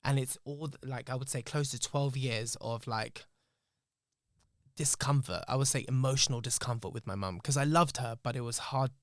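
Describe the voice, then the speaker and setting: A man, speaking on a podcast in an emotional, reflective way. His voice sits at an ordinary middle pitch. It is recorded close and dry, with no room sound at all. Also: normal speed, no echo. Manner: emotional, reflective, swears freely. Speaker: podcast host. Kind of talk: candid podcast storytelling.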